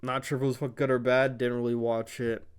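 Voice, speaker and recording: A man hosting a podcast recaps a wrestling show in a rambling, offhand way, swearing a lot. His voice is medium-pitched, level and smooth at a brisk pace, and his mouth sounds dry.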